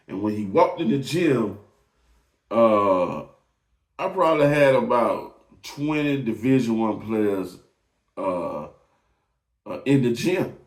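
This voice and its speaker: A man, hosting and telling a personal testimony in an emotional, repetitive way. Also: mid-range voice. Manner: emotional, drawn-out storytelling with repeated phrases. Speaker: host. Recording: echoey room, voice from a distance off the mic.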